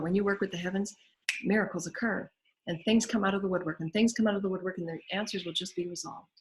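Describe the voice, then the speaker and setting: A woman with a Southern US accent hosting a spiritual show, leading guided affirmations and prayer in a repetitive, incantatory way. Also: medium pitch.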